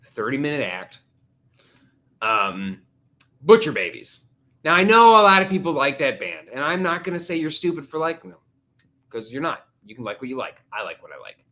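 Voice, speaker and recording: Male live-stream host, bright and lively, jokey, casual. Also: mid-range voice. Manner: jokey, animated, slips into silly voices. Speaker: livestream host.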